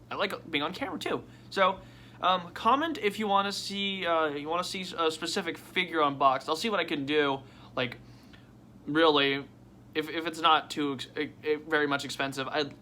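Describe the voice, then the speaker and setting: A man vlogging casually at his desk, rambling and excitable with frequent swearing and restarts. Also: a little high, slight background noise. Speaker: toy unboxing vlogger.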